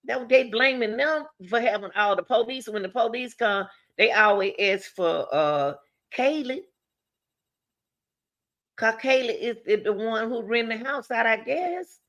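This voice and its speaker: Animated woman commenting straight to viewers. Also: unhurried, highs cut off. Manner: animated, talks straight to viewers with rhetorical questions; pitch swings widely between high exclamations and low asides. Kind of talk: casual true-crime commentary.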